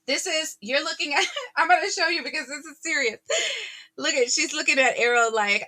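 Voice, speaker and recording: A woman giving a casual tarot reading to her viewers, chatty and animated, often laughing and exclaiming. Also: high voice, normal speed. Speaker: tarot reader.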